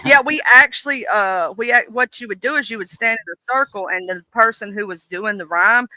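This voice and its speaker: A man's voice: high voice, brisk, pushed and bright, dry recording, low-quality recording. A man in casual, joking livestream chat, reminiscing and greeting viewers in the chat. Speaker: livestream co-host.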